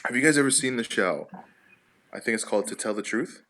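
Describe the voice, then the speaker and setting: A man's voice: mid-range voice, fast talker, fairly bright tone, a little hiss or hum. A man in a casual comedy chat, telling long rambling stories packed with profanity. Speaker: podcast participant.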